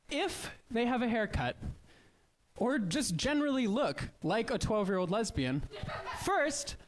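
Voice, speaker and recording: Here a high-voiced man with a Midwestern American accent does stand-up before a live audience. His storytelling is chatty and dry, peppered with quick side remarks.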